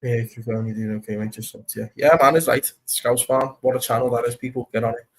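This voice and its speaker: A man's voice: medium pitch, flat delivery, fast. A young man casually chatting and reading comments during a football watch-along stream, rambling and swearing now and then. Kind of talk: casual live-stream chat.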